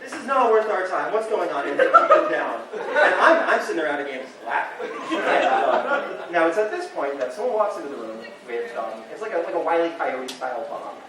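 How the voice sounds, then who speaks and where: A man's voice: brisk, hardly any pauses. Guy telling a larp story on a panel, lots of likes, sounds far off in a big echoey hall with a crowd. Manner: rambling and animated, many "like"s, squeaky acted quotes. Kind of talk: live storytelling on a convention panel. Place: convention panel room. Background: audience laughter.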